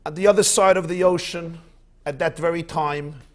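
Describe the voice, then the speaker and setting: A rabbi giving an evening lecture, weaving in anecdotes. His voice sits a little high for a man, and he tells stories with expressive delivery. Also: normal speed. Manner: expressive storyteller.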